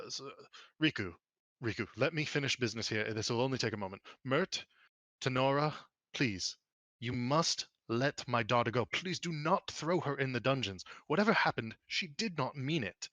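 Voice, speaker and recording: A man's voice: on the low side, a bit bright, dry recording. A man voicing a flustered, anxious noble father who stammers and pleads.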